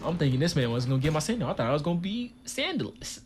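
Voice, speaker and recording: A man's voice: on the high side, sing-song, very fast, a little hiss or hum. A young man casually telling a story on his channel, in a laid-back, slangy way. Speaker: channel host. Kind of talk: storytime vlog.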